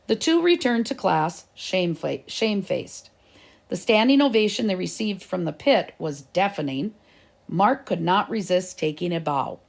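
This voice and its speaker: A woman narrating a children's chapter book aloud at an even, unhurried pace. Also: fairly low pitch, creaky. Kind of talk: storybook reading.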